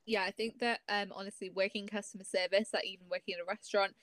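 Relaxed young woman chatting on a podcast. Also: medium pitch, fast talker, no echo. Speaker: podcast co-host. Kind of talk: casual chat.

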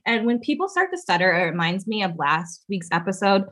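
A young woman trades frank, wry commentary on a reality show with her co-host. She talks in a chatty, loose way with plenty of fillers. Her pitch sits in the middle range for a woman. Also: big pitch swings, brisk, fairly bright tone. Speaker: podcast co-host. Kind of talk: casual chat about a reality show.

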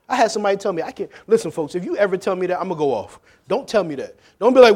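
Man, pastor, high voice, sermon, loud jokes and hushed questions. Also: sing-song, rapid-fire, few pauses, slightly rough.

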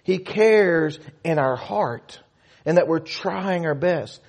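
Guy preaching, kinda high voice, loose and chatty with playful asides. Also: takes it slowly, gravelly. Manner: conversational, animated, voices God in asides. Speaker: pastor. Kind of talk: sermon.

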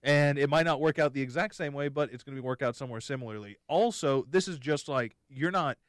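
A young man in casual podcast chat who rambles, jokes and restarts his sentences. His voice is smooth and resonant, and the recording is dry and close, with no room sound. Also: mid-range voice, fast talker, no echo. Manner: rambling, jokey, many restarts. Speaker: podcast host.

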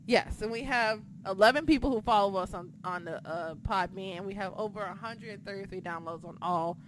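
A woman hosting a podcast, recapping in casual chat, excitable and profane, swinging between shouting and muttering. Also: medium pitch, a little fast, a little hiss or hum. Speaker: podcast host.

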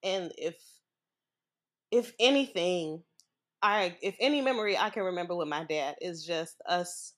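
A woman's voice: fairly low pitch, a bit bright. A young woman from the US Midwest, a podcast guest, telling a personal story in a frank, informal way and laughing through hard memories.

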